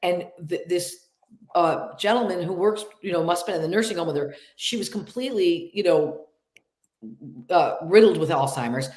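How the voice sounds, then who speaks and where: A middle-aged actress with a nasal upstate New York accent, chatting in an interview and acting out little quotes. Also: female voice, on the low side, moderate pace, darkish tone, roomy sound. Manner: chatty, laughs often, acts out quotes. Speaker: actress guest. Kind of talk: casual interview chat.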